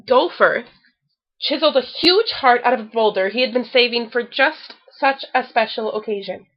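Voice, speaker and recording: A woman's voice: a little high, normal speed, dull audio. Woman reading a children's story aloud. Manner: expressive storytelling. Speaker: storybook reader.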